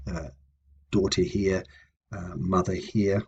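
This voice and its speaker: A man giving a patient, methodical lesson on old language grammar, pausing with ums and correcting himself as he goes. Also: fairly low pitch, darkish tone, dull audio, slight background noise. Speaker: language teacher. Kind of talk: explanatory lecture.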